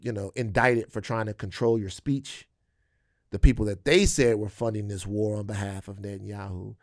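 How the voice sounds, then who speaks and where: A man co-hosting a podcast, talking politics in a casual, profane, animated way and acting out quotes. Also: fairly low pitch, moderate pace, dry recording, clean studio sound. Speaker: podcast co-host.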